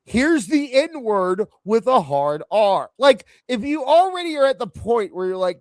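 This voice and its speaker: A man's voice: extremely high pitch, sing-song, a little slow, no echo, studio quality. A man hosting a live wrestling talk show, laughing often and sarcastic. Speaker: podcast host. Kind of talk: casual live-stream banter.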